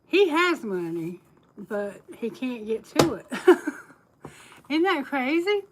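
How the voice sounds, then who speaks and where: A woman's voice: high voice, very animated, slow pace, background noise. A woman tarot reader chatting candidly on a live stream, telling personal stories and laughing often. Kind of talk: casual live-stream chat.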